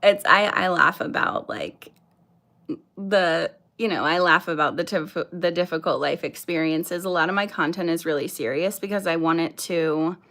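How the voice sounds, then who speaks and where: A woman's voice: lowish voice, moderate pace, fairly bright tone. A woman in her thirties hosting her first casual livestream, chatting nervously and apologetically with lots of fillers while greeting viewers. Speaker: livestream host.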